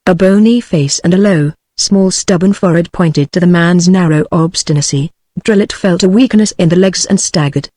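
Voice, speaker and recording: A text-to-speech woman's voice with a British accent, narrating an audiobook in an even synthetic delivery. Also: fairly low pitch, normal speed, hardly any pauses, dry recording, clean studio sound. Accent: British English.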